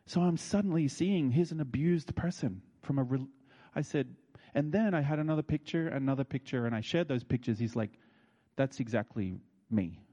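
A man preaching a sermon, telling stories and acting out what people said, with his voice leaping high when excited. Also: moderate pace. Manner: animated, leaps high when excited, acts out quotes. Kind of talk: sermon with storytelling.

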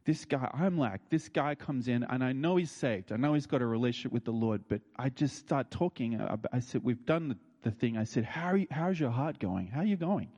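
A man preaching a sermon, telling stories and acting out what people said, with his voice leaping high when excited. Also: brisk, hardly any pauses. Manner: animated, leaps high when excited, acts out quotes. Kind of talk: sermon with storytelling.

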